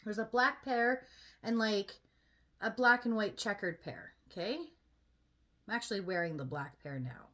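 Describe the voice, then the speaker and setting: A woman's voice: medium pitch, measured pace, a bit bright. A woman vlogger chatting casually while she gets ready, venting in a candid and emphatic way.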